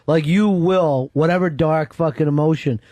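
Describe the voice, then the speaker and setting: A man hosting a radio talk show, telling profane, animated stories from his past. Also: fairly high pitch, normal speed, no room sound. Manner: animated, swears constantly, acts out voices in stories. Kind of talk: profane storytelling chat. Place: radio studio.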